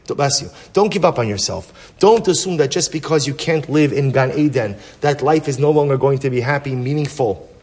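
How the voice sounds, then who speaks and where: A rabbi gives a Torah class in a medium-pitched male voice. He teaches with energy, throwing out rhetorical questions to his listeners. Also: brisk, a little mellow.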